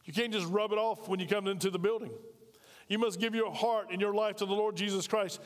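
A man's voice: high-pitched, fairly even intonation, a little fast, in a large hall. A man preaching a sermon as pastor, talking conversationally and drawing call-and-response from his congregation in a large church. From United States.

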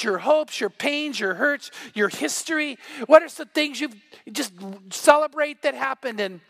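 Middle-aged pastor guy, really high voice for a man, dry close sound, tells stories in his sermon. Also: a bit bright, no room sound. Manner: storytelling, acts out quoted voices.

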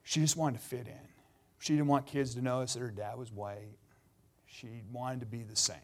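A middle-aged pastor from Canada giving a sermon, telling personal stories in an earnest, sometimes emotional way. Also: male voice, mid-range voice, fairly even intonation, normal speed.

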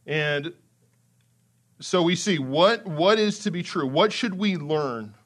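A man preaching a sermon as pastor, conversational with small laughs, acting out excited quotes in a lively way. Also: slow pace. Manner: animated, acts out excited quotes with rising pitch.

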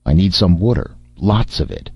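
A man's voice: deep voice, wildly swooping pitch, normal speed, vocal fry, dark tone, slightly rough, no room sound, full character voice. A man voicing a brash, bossy hero. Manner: bossy, sardonic, barking orders. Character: brash, commanding male engineer hero. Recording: dull, dry lo-fi recording.

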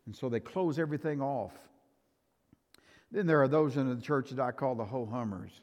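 A man's voice: medium pitch, normal speed, highs cut off. Older man preaching in a reverberant hall. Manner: emphatic, swings from loud to soft. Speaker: pastor. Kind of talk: sermon. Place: church sanctuary.

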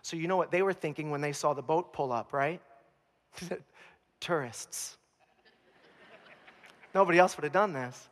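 A man preaching a sermon as pastor, telling the story with humor and animated asides. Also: fairly high pitch, fast, few pauses, big-room sound. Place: church.

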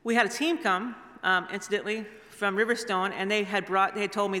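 A woman gives a guest sermon, telling stories in a warm, rambling way full of restarts and asides. Her voice is medium-pitched and a little fast, recorded in a reverberant hall.

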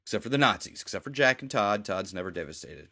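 A man's voice: lowish voice, animated, quick pace, sharp tone, breathy edge. A man co-hosting a casual chat, rambling as he retells scenes and quotes the characters. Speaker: podcast co-host.

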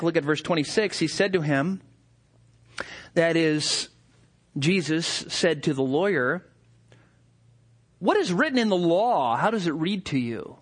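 A man preaching a sermon, talking animatedly and mocking hypocrites with quick impressions. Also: a little high. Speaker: pastor.

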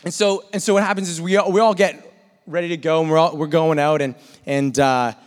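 A man telling a lively personal story in a sermon, sometimes imitating gunfire and shouting. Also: a little high, fairly quick, clean tone. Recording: long reverb of a hall.

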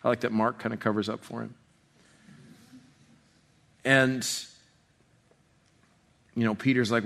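A man preaching an expository sermon in a conversational way, full of restarts, dropping soft and slow on tender passages. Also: mid-range voice, level tone, vocal fry. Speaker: pastor.

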